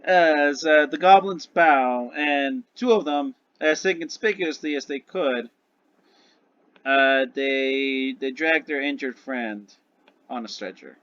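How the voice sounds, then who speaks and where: A man's voice: mid-range voice, takes it slowly, fairly bright tone, dry recording, lo-fi sound. A man narrating a tabletop game as game master, rambling and correcting himself as he goes.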